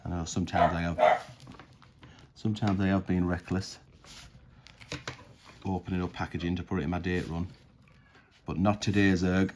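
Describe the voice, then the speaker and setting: A man's voice: deep voice, a little hiss or hum. A man musing aloud in a casual unboxing commentary, chatty and tripping over words. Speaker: coin collecting vlogger.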